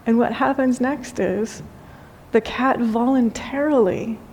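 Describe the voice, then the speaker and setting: A woman, a spiritual teacher, giving a gentle, unhurried talk with storytelling and soft emphasis. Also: fairly high pitch, a little hiss or hum. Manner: gentle, unhurried, softly emphatic, with light laughs. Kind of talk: spoken dharma talk with storytelling.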